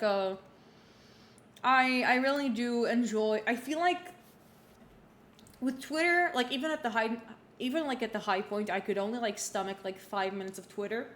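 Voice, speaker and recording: A woman's voice: a little high, normal speed, fairly bright tone. A young woman in her twenties, a streamer chatting casually and recapping a game, rambling with many fillers and restarts. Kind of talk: casual livestream chat while playing. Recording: roomy room echo, faint background hum.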